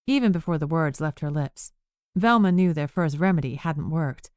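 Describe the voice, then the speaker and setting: A woman narrating a cozy mystery audiobook in an even, measured way. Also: low voice, no echo, studio quality. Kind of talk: scripted narration.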